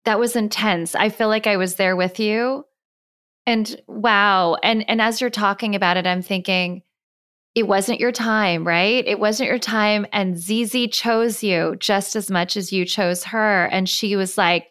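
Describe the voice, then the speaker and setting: A woman hosting a podcast, reacting to her guest with effusive, exclamatory warmth. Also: medium pitch, steady tone, unhurried, smooth. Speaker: podcast host. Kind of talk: conversational interview.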